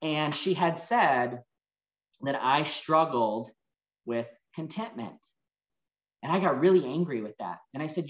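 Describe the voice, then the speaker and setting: A man's voice: mid-range voice, animated, echoey room, lo-fi sound. A man, giving an earnest, emotional motivational talk and telling personal stories. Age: 40s. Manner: earnest and emotional, storytelling with reflective pauses. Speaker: motivational speaker.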